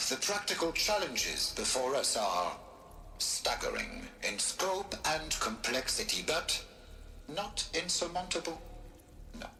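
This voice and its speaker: A proud, formal scientist leader. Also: male voice, a little high, sharp tone. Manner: formal, measured, grandiose. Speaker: program director giving a recorded welcome address. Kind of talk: video game cutscene dialogue. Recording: roomy echo with faint music behind.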